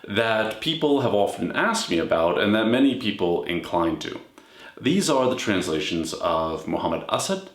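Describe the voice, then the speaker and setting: Man lecturing in an echoey room. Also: fairly low pitch. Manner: measured explanatory delivery with frequent "all right?". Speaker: scholar of religion.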